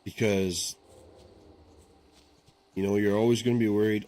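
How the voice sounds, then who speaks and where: A man's voice: lowish voice, level tone, measured pace, pauses often, mellow. A man streaming a game, talking casually in a rambling, chatty way and often checking in with "right?". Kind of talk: casual chat while gaming.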